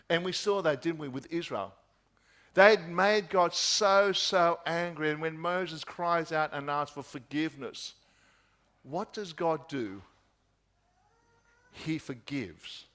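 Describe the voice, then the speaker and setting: A man preaching a sermon, asking repeated rhetorical questions and dropping his voice soft at key points. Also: on the high side.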